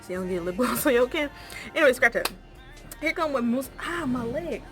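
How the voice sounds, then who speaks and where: A woman's voice: a little fast, faint music behind. A young woman, telling a story casually and acting out the dialogue. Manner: animated, acts out dialogue with rising pitch.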